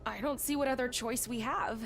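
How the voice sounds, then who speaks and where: A woman's voice: a little high, steady tone, fairly quick, natural voice. A woman voicing a sceptical young reporter. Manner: skeptical, practical. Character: plucky young woman journalist with camera. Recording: game dialogue over loud music.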